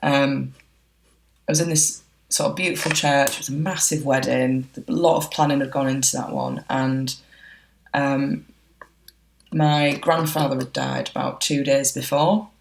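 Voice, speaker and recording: A woman's voice: a bass voice, steady tone, a little slow, gravelly, slight background noise, rough recording. A woman, a wedding photographer being interviewed, talking in a chatty, reflective way with frequent fillers. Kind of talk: casual interview chat.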